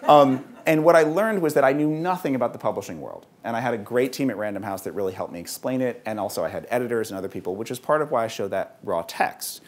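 A man speaking to a room of parents in a loose, conversational lecture, often filling pauses with ums. His voice has a husky grain to it. His pitch rises and falls with a lot of life as he tells his stories. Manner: lively, conversational, frequent ums. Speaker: author and speaker at a parents' event. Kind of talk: public talk to parents. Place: event hall.

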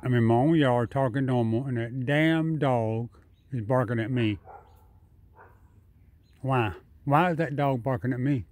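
Recording on his phone in his yard, this vlogger speaks a little slowly, leaving long pauses, his voice slightly mellow. He's coaxing squirrels to come and eat, and his tone rises when he calls them.

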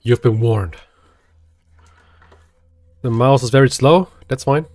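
A man's voice: mid-range voice, slow, a little mellow, no room sound. A man giving casual let's-play commentary, chatting to the game and yelping when startled. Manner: chatty, talks to the game, jumpy yelps. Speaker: gaming video creator.

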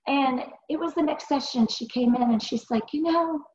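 A woman's voice: high voice, moderate pace, darkish tone. A woman counselor giving an online presentation, sharing client stories in an earnest, conversational way with many fillers. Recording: dull lo-fi online call audio.

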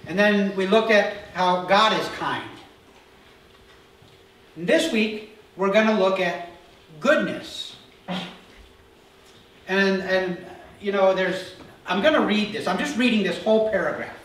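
A man's voice: sits high, slow, pauses often, a bit bright, a little hiss or hum. A male pastor preaching a conversational sermon who often asks the congregation questions, recorded in a church sanctuary. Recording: echoey church hall miked from far off.

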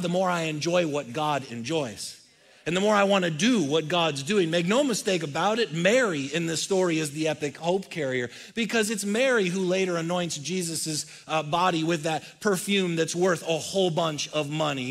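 A pastor delivering a sermon, reading scripture aloud and dropping from loud emphasis to hushed repetition. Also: male voice, high-pitched. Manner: preaching with big swings from loud to hushed; reads scripture aloud, repeats phrases softly for effect. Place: church stage.

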